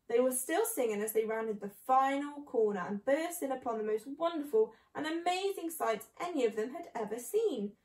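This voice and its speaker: A woman's voice: sits high, animated, moderate pace, few pauses, darkish tone. Woman reading a children's story aloud. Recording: echoey room.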